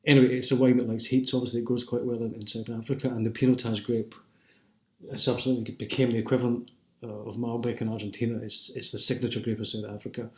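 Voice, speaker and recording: A man's voice: medium pitch, flat delivery, quick pace, darkish tone. Rambling Scottish man, roomy echo. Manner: rambling, many fillers and restarts. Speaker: wine and film vlogger. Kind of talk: casual chat. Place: at home.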